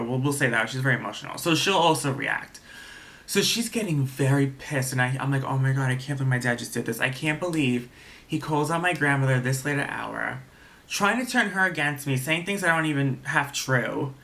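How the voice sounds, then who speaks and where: Bright-voiced young man, indignant storyteller. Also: mid-range voice, expressive, a little fast, gravelly. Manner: emotional, rambling and indignant. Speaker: vlogger. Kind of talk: storytime vlog.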